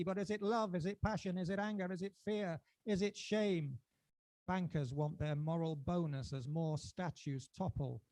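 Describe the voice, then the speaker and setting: A man from England performing his own poetry at a book launch, impassioned and rising toward shouting, then chatting in a self-deprecating way between poems. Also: sits high, no echo. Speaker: poet.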